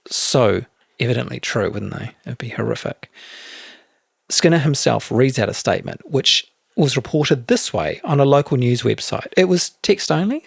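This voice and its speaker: A man with a New Zealand accent co-hosting a true crime podcast, recounting events in a measured, matter-of-fact way. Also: medium pitch, gravelly, husky, no echo, studio quality. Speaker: podcast co-host.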